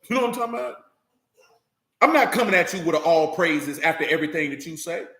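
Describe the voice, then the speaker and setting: A man's voice: fairly high pitch, lively intonation, quick pace, a bit bright, roomy sound. A man reads scripture, then talks casually as a Bible teacher in an emphatic, slangy way that calls out to his listeners. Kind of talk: scripture reading then casual preaching talk.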